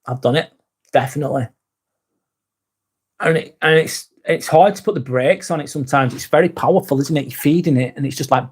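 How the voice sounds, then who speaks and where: A man's voice: mid-range voice, a little fast. A man hosting a live vlog, answering chat in a rambling, frank way, swearing often and restarting sentences. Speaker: host.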